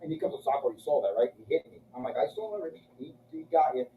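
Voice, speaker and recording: Speaking very fast and very animated, this man has a mid-range, dark-toned voice over slight background noise. His chat is a string of crude, profane anecdotes where he performs everyone else's lines himself. Distant and muffled, the audio bounces around an echoey room.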